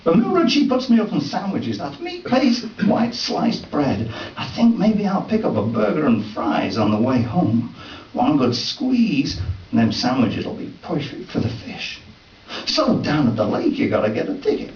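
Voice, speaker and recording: A man reading his own comic story aloud at a live event, in a wry, deadpan first-person voice with folksy dialect. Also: a little high, measured pace. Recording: distant, roomy, dull live recording.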